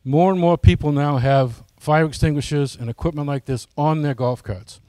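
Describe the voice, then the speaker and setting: A man's voice: a little high, moderate pace, dark tone, dry recording. A man giving a casual, folksy presentation to his flying club, often asking the audience questions.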